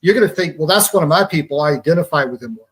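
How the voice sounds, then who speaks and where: A man from Georgia talks through his points as a radio guest, calm and analytical, reaching for pop-culture comparisons. His voice sits a little high for a man. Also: rapid-fire. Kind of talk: conversational explaining.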